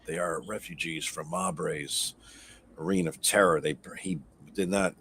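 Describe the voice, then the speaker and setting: A man voicing a hard-drinking male dwarf scout, speaking in hushed, urgent whispers. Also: sits low, expressive, moderate pace, vocal fry, slight background noise.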